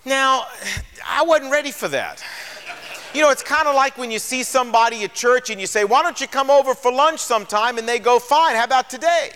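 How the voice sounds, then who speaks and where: Older guy preaching, telling his story all animated, high voice that jumps around a lot. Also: brisk, in a large hall. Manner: animated storyteller, acts out dialogue. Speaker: radio preacher. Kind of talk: sermon testimony storytelling.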